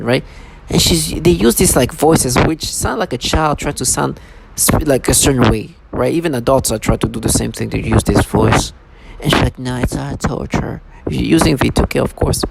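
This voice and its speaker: Gravelly-voiced agitated man, noisy recording. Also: fairly high pitch. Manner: agitated, rambling with restarts. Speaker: vlogger. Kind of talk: monologue to camera.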